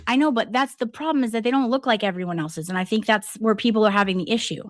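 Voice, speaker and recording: Defensive woman, slightly high voice. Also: fast, dry recording. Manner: defensive, repeats herself. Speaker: streamer in an argument. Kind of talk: heated argument on a stream.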